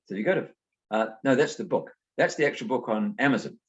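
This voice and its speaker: A middle-aged man from New Zealand, a guest author talking casually in an interview and telling lively anecdotes. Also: mid-range voice, fast, muffled recording. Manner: animated storyteller, acts out voices in anecdotes. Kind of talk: conversational interview.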